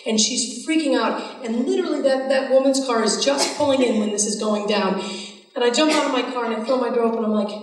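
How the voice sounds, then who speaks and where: Woman telling a funny story onstage, acts out the voices, kinda high voice, far off in a big echoey hall. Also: brisk. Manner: animated, self-mocking storyteller who acts out dialogue. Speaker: keynote speaker. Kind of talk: storytelling talk to an audience. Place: large hall with audience.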